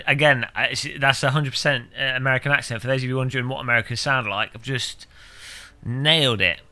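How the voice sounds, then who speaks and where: A British man chatting casually with viewers on a game stream, rambling and cracking deadpan, absurd jokes. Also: mid-range voice, fairly quick. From United Kingdom. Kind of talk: casual live-stream chat.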